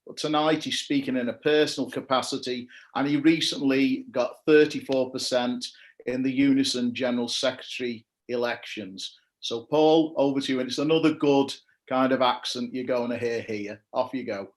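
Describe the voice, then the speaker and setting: A man's voice: medium pitch, steady tone, normal speed. A man chairing an online meeting, introducing speakers in a friendly, informal way.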